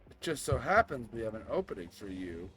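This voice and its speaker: A man's voice: lowish voice, big pitch swings, brisk, a bit bright. A man voicing a scheming villain father in a dating game, gloating and menacing.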